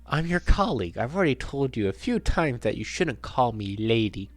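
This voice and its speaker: A man's voice: medium pitch, big pitch swings, normal speed, no echo, soft background music, lightly acted. A man voicing an indignant young woman protagonist of a visual novel, scolding in exaggerated outrage.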